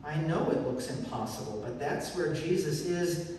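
A man's voice: fairly high pitch, lively intonation, normal speed, darkish tone, slight background noise. A man preaching a sermon with earnest emphasis, recorded on a phone in a church sanctuary. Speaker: pastor. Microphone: phone recording from the pews. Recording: echoey church hall from far off.

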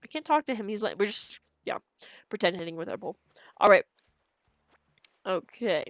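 A woman's voice: medium pitch, expressive, normal speed, no echo. A young woman streaming a video game, chatting casually and giggling while she plays and talks to her chat. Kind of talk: casual gameplay commentary. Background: faint game music.

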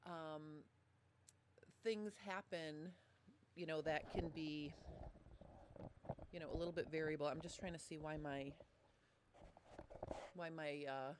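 A woman's voice: low-pitched, steady tone, takes it slowly, long pauses, background noise. A woman giving a live-streamed sewing tutorial at a desk microphone, chatty and explaining step by step. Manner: chatty, apologetic about audio trouble. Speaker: sewing instructor.

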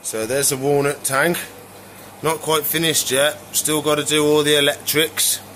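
He's an exotic pet keeper whose voice sits on the high side and moves unhurriedly, with a bit of background noise. Rambling easily as he shows his animals and tanks, he keeps dropping "so yeah."

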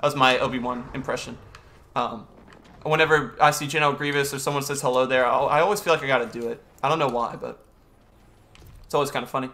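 A man's voice: mid-range voice, steady tone, fast, sharp tone. A young man streaming a video game, chatting casually and greeting viewers and answering chat as he plays.

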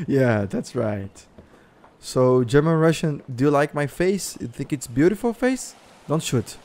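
A Brazilian man with a Brazilian Portuguese accent, excitedly chatting and shouting with other players during an online survival game. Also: a little high, unhurried. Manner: loud, excitable, shouts and laughs, switches between Portuguese and English. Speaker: gameplay streamer. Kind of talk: excited multiplayer game chat.

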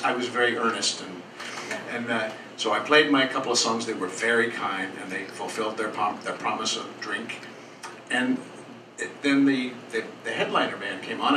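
A male storyteller tells a personal tale in an earnest, rambling way, pausing and restarting as he goes. He is heard from a distance in an echoing café, with a steady hum of noise around him. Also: medium pitch. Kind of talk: live storytelling performance. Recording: roomy, distant, noisy live café.

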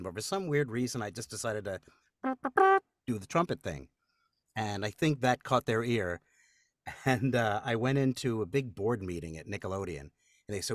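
A man's voice: lowish voice, fairly quick, no room sound, clean studio sound. A man, a voice actor, telling stories in a casual interview, acting out quotes and laughing often. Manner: animated storyteller, acts out quotes, laughs often. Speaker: voice actor guest.

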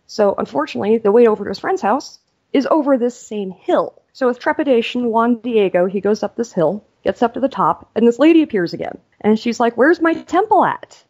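A woman author, a podcast guest, telling a story in a lively, casual way. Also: on the high side, brisk, lo-fi sound.

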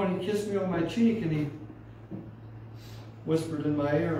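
Fervent older pastor in echoey hall. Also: male voice, fairly high pitch, steady tone, brisk. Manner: fervent, emotional storytelling with call-and-response. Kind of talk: testimony sermon. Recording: echoey hall from far off, faint noise.

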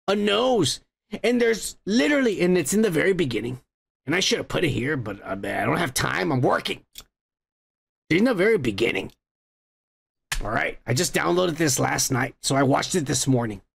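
Dude with a gravelly voice ranting about a movie, swears constantly, keeps restarting sentences. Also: male voice, high voice. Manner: profane, rambling, with frequent restarts. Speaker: podcast host. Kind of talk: casual movie review rant.

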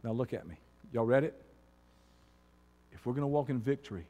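A man preaching a sermon as pastor, moving from quiet talk to shouting. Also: medium pitch, animated, a little fast, long pauses, in a large hall.

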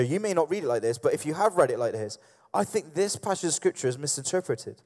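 Chatty preacher in a reverberant hall. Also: male voice, a little high, fast talker, a little mellow. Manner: conversational, many fillers and restarts, acts out scenes. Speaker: pastor. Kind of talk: sermon. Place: church hall.

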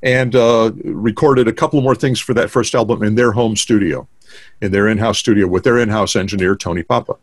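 A man's voice: on the low side, fairly even intonation, fairly quick, no echo. A man in his sixties, a guest drummer, telling stories in a casual interview with many fillers and restarts over a video call. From United States. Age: 60s.

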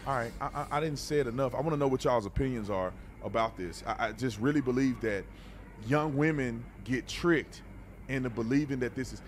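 A man's voice: medium pitch, fairly quick, slight background noise. A man hosting a reaction video, talking bluntly and animatedly in a preachy, casual way and often repeating words.

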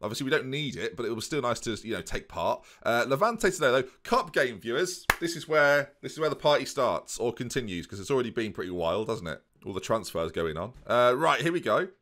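A man narrates a football management game with playful jokes and asides to his viewers. His pitch swings around a lot as he talks. He keeps his voice at a medium pitch. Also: very animated, fairly quick, few pauses, a bit bright. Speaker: gaming commentator. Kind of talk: let's play commentary.

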